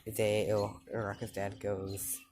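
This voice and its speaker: Slow, rambling male storyteller. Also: on the low side, completely flat delivery, noisy background. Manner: rambling, with many fillers and self-corrections. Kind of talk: improvised fan-fiction storytelling.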